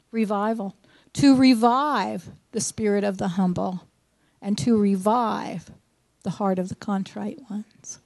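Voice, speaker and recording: A woman's voice: medium pitch, steady tone, takes it slowly, vocal fry, darkish tone, no echo. A woman teaching a sermon, reading scripture with emphasis and mixing in earnest, folksy asides. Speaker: Bible teacher.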